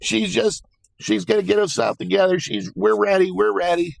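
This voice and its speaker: A man doing a flustered high-pitched lawyer. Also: steady tone, gravelly, no echo, low-quality recording. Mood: flustered pleading. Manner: hurried, placating.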